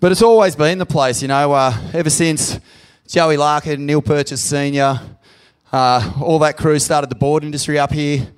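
A man's voice: fairly high pitch, fairly even intonation, moderate pace, clean tone. An Australian man hosting a live podcast in a pub venue, sweary and effusive as he hypes up the crowd. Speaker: podcast host.

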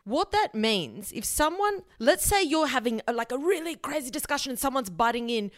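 A woman's voice: sits high, animated, moderate pace, a bit bright, no room sound, studio quality. A young woman hosting a solo advice podcast, talking bluntly and emphatically and swearing casually. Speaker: podcast host.

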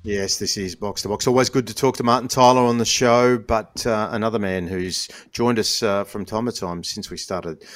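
Deep-voiced podcast host. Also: male voice, fairly even intonation, normal speed, few pauses, a bit bright, faint music behind. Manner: chatty, filler-heavy. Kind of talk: casual chat with an ad read.

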